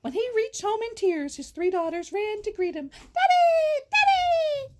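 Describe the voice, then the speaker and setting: A woman's voice: extremely high pitch, expressive, normal speed, mellow. A woman reading a fairy tale aloud in a playful way, breaking off for goofy asides and sound effects. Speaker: storyteller. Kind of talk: storytelling read-aloud.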